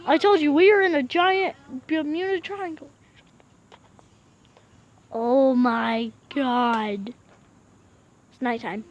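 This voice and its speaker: Young woman, let's play commentator, excitable and easily spooked, very high voice. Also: slow, long pauses, lo-fi sound. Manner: excitable, panicky, yelling. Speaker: gaming video host.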